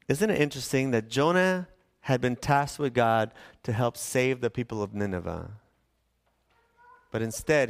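A middle-aged man, a pastor, preaching a sermon in a conversational storytelling way with acted-out quotes. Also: medium pitch.

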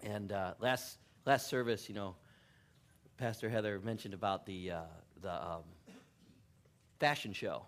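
Here the middle-aged male pastor speaks a little slowly in a fairly low voice, leaving long pauses. His sermon in the church sanctuary is casual and full of jokes, and he's chatty, laughs often, and mocks himself good-naturedly.

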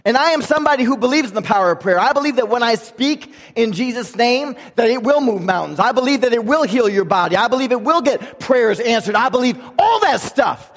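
A man preaching a sermon as a pastor, impassioned, swinging from shouts down to a hushed voice. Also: extremely high pitch, expressive, quick pace, hardly any pauses, in a large hall. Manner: impassioned, sometimes shouting, dropping to a hush.

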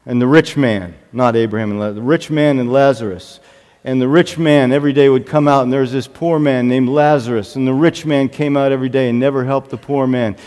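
In a reverberant hall, a male pastor with a mid-range voice speaks a little quickly, poking fun at himself through lively anecdotes. His sermon leans on humorous storytelling.

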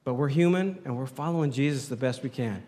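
A pastor with a mid-range, dark-toned voice preaches briskly through a handheld mic in a church hall, the sound carrying hall reverb. He's playful, joking around with the congregation.

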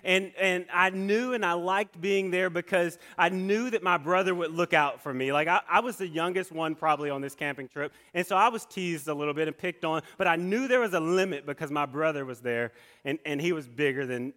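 A man telling a personal story in a sermon, animated, with many restarts and asides. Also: fairly high pitch, brisk.

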